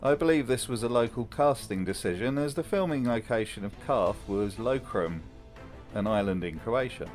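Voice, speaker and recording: A man's voice: mid-range voice, animated, normal speed, darkish tone, soft background music. A man hosting a comedic video essay, narrating with dry, mocking commentary.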